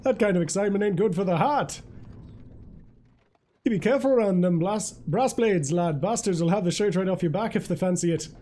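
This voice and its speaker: A man's voice: fairly quick, warm tone. A man putting on a folksy Irish old peddler. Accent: put-on Irish lilt. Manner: homely, rambling, lowered voice. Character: chatty old male cart peddler, folksy.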